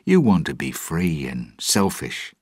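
Narrator voicing a sly pirate captain, very deep husky voice, coaxing. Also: male voice, huge pitch swings, measured pace, darkish tone, no room sound, studio quality, heavily acted. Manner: coaxing, self-assured. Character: roguish male ship captain, boastful and sly.

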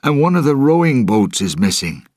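A rough ship sailor, as a storybook narrator puts him on, shouting alarms in a high, strained voice far above the reader's own deep tone. Husky, recorded in a dry room. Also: male voice, big pitch swings, moderate pace, no echo. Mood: alarmed.

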